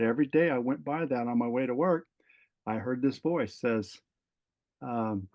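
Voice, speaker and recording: A middle-aged man, a retired fire captain, telling a personal story as a podcast guest, acting out the dialogue with many fillers and restarts. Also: mid-range voice. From California. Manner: animated storyteller, voices quoted dialogue, frequent fillers and restarts.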